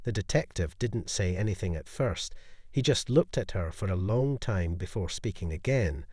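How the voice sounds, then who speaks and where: A man narrating a scripted dramatic story in an even, storytelling manner. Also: on the low side, normal speed, breathy edge, no room sound, studio quality.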